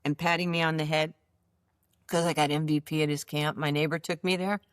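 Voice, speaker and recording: Casting: older woman, low voice, animated storyteller who plays out quoted dialogue, dry close sound. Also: fairly quick, clean tone, no room sound. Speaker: interview guest, basketball coach. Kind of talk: storytelling interview.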